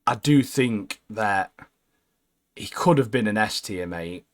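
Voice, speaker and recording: A young man chats about video games in a loose podcast banter, dropping "mate" at the end of nearly every sentence. His voice sits low, and his opinions come out blunt and sure. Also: lively intonation, slow pace. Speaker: podcast co-host. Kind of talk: casual gaming chat.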